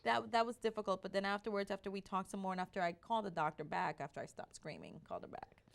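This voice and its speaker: A woman telling her personal story as an interview guest, in an animated way with frequent restarts. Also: medium pitch, fast talker, creaky.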